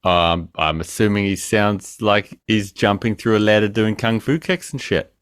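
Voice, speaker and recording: A man's voice: on the low side, normal speed, fairly bright tone, clean tone, dry recording. A man co-hosting a podcast over a remote call, ranting crudely and joking in casual banter. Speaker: podcast co-host.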